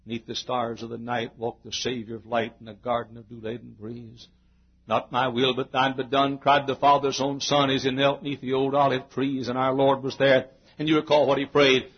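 A man preaching a sermon who swings from hushed murmurs to shouted climaxes and acts out the quoted voices with little laughs. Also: medium pitch, husky, highs cut off.

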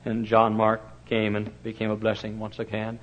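A male pastor preaching a storytelling sermon, folksy and animated, with many fillers and sudden loud bursts. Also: lowish voice, normal speed, muffled recording.

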